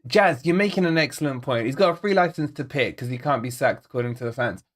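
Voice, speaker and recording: A fast-talking fan channel host with a medium-pitched voice runs a live football watch-along. He chats casually to viewers, reads out their messages, and rambles and repeats himself as he worries about the team.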